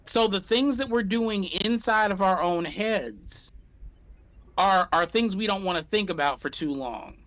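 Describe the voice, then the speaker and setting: A man's voice: high voice, lively intonation, unhurried, fairly bright tone. A man speaking as a guest in a casual conversation, frank and explanatory, swearing freely. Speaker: podcast guest. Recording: dull lo-fi sound.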